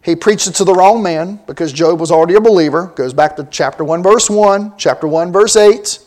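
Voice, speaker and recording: Preacher, male, high-pitched voice, emphatic expository sermon, reads old scripture then explains it plainly. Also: brisk, darkish tone. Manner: emphatic, repetitive, rhetorical questions to the congregation.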